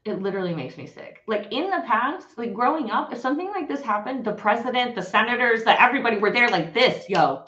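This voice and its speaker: A woman's voice: fairly high pitch, lively intonation, fast, few pauses, fairly bright tone. Fired-up woman ranting on a livestream. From Texas. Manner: fired-up, blunt, swears and addresses viewers as y'all. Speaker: livestream host. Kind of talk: heated livestream rant. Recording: echoey room, slightly dull sound.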